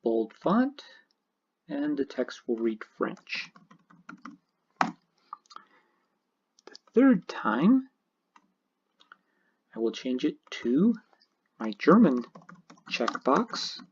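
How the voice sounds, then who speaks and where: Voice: mid-range voice, big pitch swings, extremely slow, long pauses, a little hiss or hum. A programming teacher narrating a screencast tutorial, explaining each step methodically. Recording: dull lo-fi screen recording.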